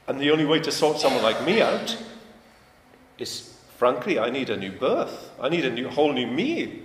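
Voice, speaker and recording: A man's voice: mid-range voice, very animated, normal speed, a little hiss or hum. Man preaching in an echoey hall. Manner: conversational, questioning the congregation, emphatic. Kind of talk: sermon. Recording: echoey hall, faint ambience.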